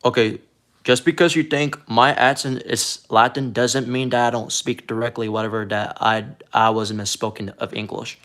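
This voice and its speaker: A man from Puerto Rico talking casually on a live stream, rambling and halting, often repeating words as he restarts sentences. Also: medium pitch, fairly even intonation, a bit bright. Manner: defensive, earnest.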